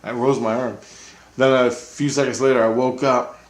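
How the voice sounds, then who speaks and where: A man rambling through a personal story, laughing now and then. His mid-pitched voice sounds roomy and echoey, as if he is in a bare room. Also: flat delivery, moderate pace. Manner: rambling, chuckling. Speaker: vlogger. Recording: roomy echo.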